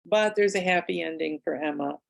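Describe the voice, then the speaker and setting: Low-voiced woman telling a case story. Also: brisk, vocal fry, rough recording. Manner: conversational storyteller with fillers and asides. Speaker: author and past-life regressionist. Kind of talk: book club talk, telling a case story.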